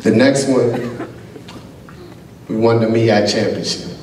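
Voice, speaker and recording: A man, a college basketball coach, giving a keynote speech at a gala, telling animated stories and acting out the dialogue. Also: mid-range voice, takes it slowly, very noisy. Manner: animated storyteller who acts out quoted dialogue. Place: large gala banquet hall. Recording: echoey hall picked up from a distance.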